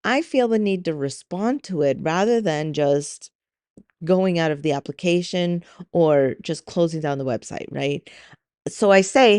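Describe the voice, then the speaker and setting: Swearing freely as she vents, a middle-aged solo podcast host talks with candor and exasperation in a casual monologue. Her lowish voice is animated yet measured in pace, a little mellow and clean in tone. The studio sound is clean, with no room sound.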